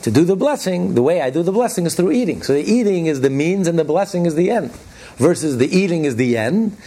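With a fairly high, mellow voice that has a breathy edge, this rabbi speaks quickly and with lively intonation while teaching Torah. His storytelling is plainspoken and conversational, full of restarts, and he stresses key phrases by repeating them, his voice climbing with each point.

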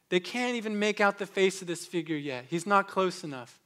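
A man pastor preaching a sermon, swinging between loud emphatic peaks and hushed low passages. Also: brisk, few pauses.

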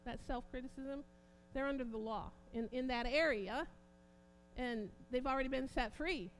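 A woman preaching an informal sermon, growing impassioned and forceful at points. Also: high-pitched, normal speed, a little hiss or hum. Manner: impassioned, rising to near-shouting emphasis.

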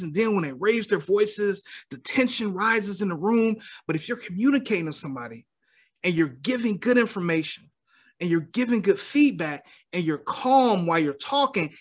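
Calm and measured, a motivational speaker explains his ideas as a guest in a podcast interview, tagging on "right?" to check in often. His voice sits high.

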